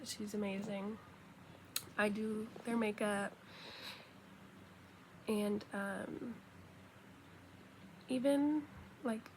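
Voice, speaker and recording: Young woman, casual storyteller, slightly high voice with gravelly fry, animated retelling, faint hiss behind. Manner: chatty, animated retelling with quoted dialogue.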